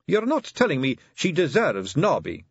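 A man reading aloud voices a young female vampire with a probing, gently teasing manner. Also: deep voice, wildly swooping pitch, moderate pace, slightly rough, dry recording, highs cut off, voice pushed up, full character voice. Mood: prying. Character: sharp-eared young female vampire, coaxing.

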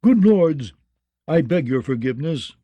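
A man's voice: fairly high pitch, big pitch swings, a little slow, no echo, lo-fi sound. A man voicing a blind, disgraced male singer who pleads in a cracked, whispery voice. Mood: pleading. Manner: begging, lovesick confession.

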